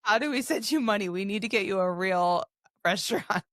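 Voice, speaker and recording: Brief: woman host, laughs a lot, mid pitch, dry close sound. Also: a little fast, a bit bright, no room sound. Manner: giggly, plays along. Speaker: podcast host. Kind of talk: casual chat.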